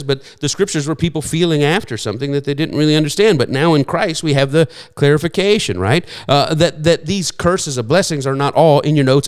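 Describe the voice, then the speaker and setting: A man preaches a sermon with a fairly high-pitched voice. He rambles, repeating words and filling pauses, and slips into the voices of people he quotes. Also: smooth. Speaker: pastor.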